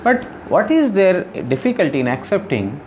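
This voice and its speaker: A man's voice: high-pitched, sing-song, moderate pace, a little hiss or hum. A man giving a devotional scripture lecture, explaining earnestly and repeating phrases with frequent "you know". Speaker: spiritual teacher.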